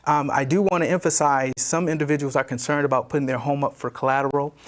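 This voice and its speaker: With a slightly high voice, fairly even intonation and a quick pace, a disaster loan agency representative delivers an informational briefing. His explanations are full of fillers and restarts, and he repeats the points he wants to stress.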